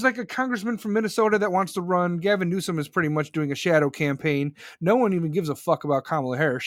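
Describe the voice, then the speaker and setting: A man's voice: sits high, no room sound, studio quality. A man hosting a podcast, delivering an angry, profane political rant. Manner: furious, profane, ranting. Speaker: podcast host.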